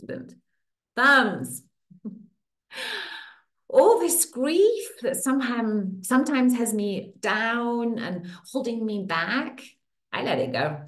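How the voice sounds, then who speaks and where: In a noticeably echoey room, a middle-aged woman facilitating a women's circle guides the group through tapping and affirmations. Her fairly high voice rises and falls in a lively way, but she speaks slowly, and her soothing lines repeat in a steady rhythm.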